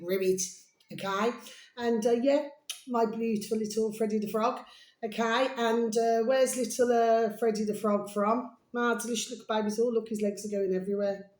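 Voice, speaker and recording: A slightly hoarse woman rambles in a casual chat to camera, showering her viewers with pet names. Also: mid-range voice, darkish tone. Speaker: video blogger. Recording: roomy echo.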